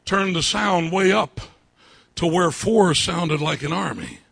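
A male pastor preaching a sermon, repeating his phrases and building up to fervent shouting. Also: high-pitched, expressive, slow pace, creaky, breathy edge, no echo.

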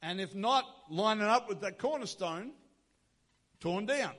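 A man's voice: sits high, expressive, measured pace, fairly bright tone. A male pastor preaching a sermon, emphatic, with rhetorical questions and repeated phrases.

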